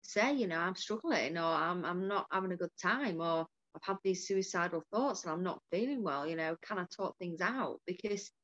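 A woman's voice: lowish voice, expressive, normal speed, few pauses, a bit bright. A woman who hosts and coaches, talking candidly in casual conversation and telling stories with swearing and laughter. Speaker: podcast host and coach. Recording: dull lo-fi sound.

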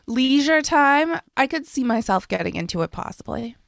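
Woman, high voice, podcast co-host, amused giggly storytelling, dry close sound. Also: expressive, moderate pace, vocal fry, no echo. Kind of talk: casual comedy podcast banter.

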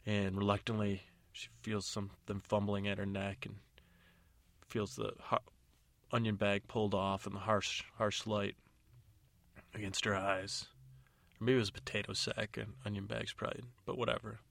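A man's voice: lowish voice, level tone, normal speed, gravelly, fairly bright tone, no echo. A man hosting a podcast, narrating a bedtime story in a meandering, loose way.

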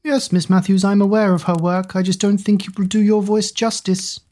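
A woman plays a huge, robust music teacher who booms her orders in a flat monotone. She is stern and hard to impress, a larger-than-life figure in a storybook reading. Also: moderate pace, lightly acted. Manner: booming, monotone.

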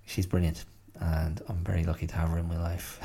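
Low husky guy thinking out loud on a podcast, lots of um and restarts, gravelly. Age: middle-aged. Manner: thoughtful, hesitant, many restarts and fillers. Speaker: podcast host. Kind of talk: reflective solo monologue.

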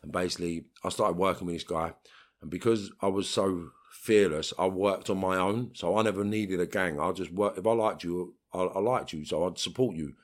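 Deep voiced london guy, blunt street storyteller, middle-aged. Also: moderate pace. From England. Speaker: interview guest. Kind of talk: storytelling in an interview.

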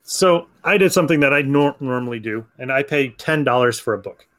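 A man's voice: medium pitch, a little fast, a bit bright. A man hosting a comic book podcast, chatting casually, laughing often and acting out lines from comics. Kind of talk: casual chat.

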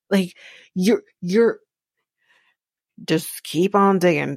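A woman's voice: fairly low pitch, slow, slightly rough, no echo, studio quality. A woman from Jamaica hosting a podcast, giving blunt, sarcastic casual commentary and swearing freely. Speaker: podcast host recapping a reality show.

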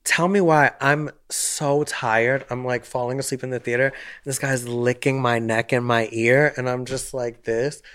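A young man with a medium-pitched voice holds forth in loose podcast chat. He tells stories with plenty of animation, acting out other people's lines and swearing freely. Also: a little slow, hardly any pauses, clean tone. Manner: animated storytelling, swearing, acts out quotes. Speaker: podcast co-host. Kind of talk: casual chat.

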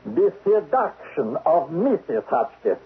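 Slow and heavily acted, a man's fairly high voice with a breathy edge swings widely in pitch. He plays a cold, stern, sarcastic foreign spy chief with an icy menace in a 1970s radio drama, recorded lo-fi and narrow-band.

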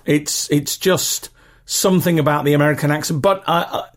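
A man's voice: fairly high pitch, fairly even intonation, normal speed. A man with a regional British accent hosting a podcast in a chatty, rambling, self-deprecating way. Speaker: podcast host. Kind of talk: casual solo podcast talk.

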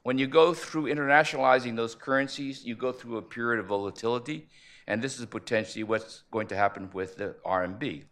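A man speaking at a conference panel, measured and analytical, posing rhetorical questions as he lays out his argument. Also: mid-range voice, a bit bright. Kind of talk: conference presentation.

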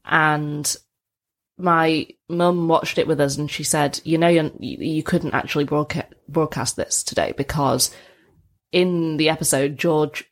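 A woman's voice: low voice, fairly even intonation, unhurried. A woman hosting a podcast, chatting casually and prompting her co-host with questions. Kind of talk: casual chat.

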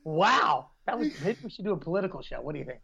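A man's voice: on the high side, very animated, fast talker, gravelly, pushed and bright, muffled recording. A man co-hosting a podcast, telling rambling stories in casual chat and laughing often. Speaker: podcast co-host.

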